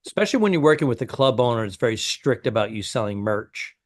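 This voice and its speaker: A man co-hosting a comedy podcast, trading stories and quick jokes in casual talk. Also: medium pitch, very animated. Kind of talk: casual banter.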